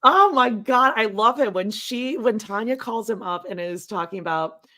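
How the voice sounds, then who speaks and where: A woman co-hosting a podcast in casual chat, telling stories with animated retellings. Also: fairly high pitch, moderate pace. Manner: animated storytelling, imitates people she quotes. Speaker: podcast co-host.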